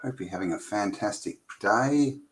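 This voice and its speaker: A man hosting a casual live stream chat, greeting viewers by name in a relaxed, chatty way. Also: on the low side, normal speed, poor audio. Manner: relaxed and chatty, reads out viewer names, with fillers.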